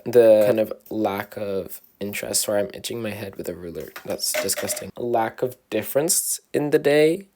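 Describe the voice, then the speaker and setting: A man's voice: lowish voice, normal speed, hardly any pauses, dark tone, slight background noise. A young man, a student, rambling casually to camera as a vlogger in a self-deprecating way, often restarting his sentences. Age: young adult, a student.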